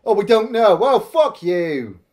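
A man's voice: sits high, big pitch swings, a little slow, darkish tone. A man co-hosting a film review chat, tearing into what he saw with a constant stream of swearing. His talk is loose and exasperated, full of heated asides and scornful jokes. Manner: profane, exasperated, heavy swearing.

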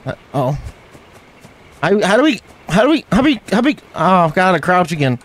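A young man doing excitable, slangy let's-play commentary as he plays a game, often yelling at what happens on screen. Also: high-pitched, quick pace, slight background noise. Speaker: gaming YouTuber.

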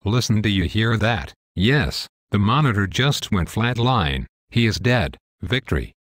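Man doing a crude demon, low-voiced and sneering, dry sound. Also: expressive, no room sound. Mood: taunting. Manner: taunting, insulting, slow and deliberate. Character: crude gloating male demon claiming a dying man's soul. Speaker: pastor. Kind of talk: one-man dramatized dialogue.

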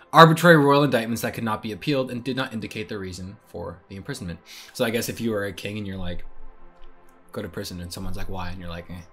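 A man's voice: medium pitch, fairly bright tone. A young man and student rambling casually to camera in a vlog, self-deprecating and chatty. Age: young adult. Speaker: vlogger.

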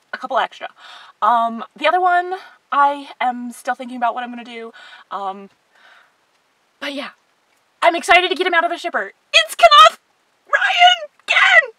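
A woman collector unboxing a doll in a vlog, gushing and squealing with excitement. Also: on the high side, normal speed, pauses often, dry recording.

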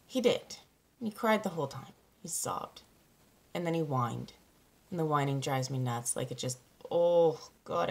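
A woman in her thirties, a parenting coach, talking candidly to camera, halting and close to tears. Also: sits low, gravelly, darkish tone. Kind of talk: personal vlog monologue.

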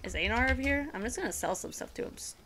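A woman's voice: a little high, animated, racing, fairly bright tone. A woman streamer chatting casually while she plays a game, giggling often and sometimes slipping into a playful put-on accent-like voice. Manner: talks to chat and other players while playing. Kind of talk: casual live gaming chat.

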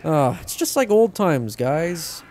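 A man's voice: on the high side, sing-song, slow, a little mellow. A man giving casual gameplay commentary as a YouTuber, rambling in a joking, self-deprecating way. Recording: game gunfire and noise over the voice.

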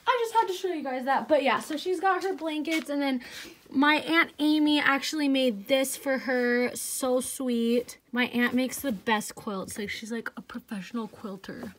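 A woman's voice: high-pitched, moderate pace, slight background noise. A pregnant young woman in her twenties giving a chatty vlog tour, gushing over things and short of breath. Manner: chatty, gushing, says "like" a lot. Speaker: vlogger.

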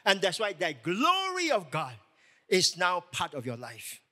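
A male pastor delivers a sermon in a high, bright voice that cuts through clearly. He leans hard on key words and keeps asking his listeners rhetorical questions. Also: huge pitch swings, measured pace. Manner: emphatic preaching with rhetorical questions. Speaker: lead pastor.

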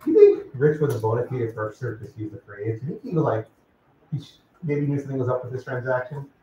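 In a lecture classroom, a male law professor talks fast in a mid-range, dark-toned voice with big swings in pitch. He casually calls on students by name and asks them questions. The classroom audio is distant, echoey, and dull.

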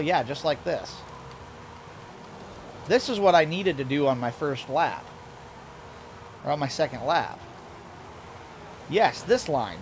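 A man's voice: a little high, slight background noise. A young man doing casual live-stream commentary while playing a racing game, chatting with his viewers and laughing often. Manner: chatty, reads and answers chat, laughs often. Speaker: VTuber streamer.

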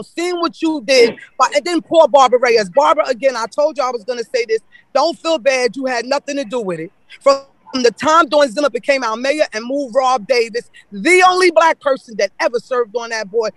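A man with a very high voice speaks out at a city council meeting, emotional and accusatory, driving his points home again and again. The sound is dry and close, with no room around it. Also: a bit bright, no echo, rough recording. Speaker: public commenter. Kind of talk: impassioned public comment.

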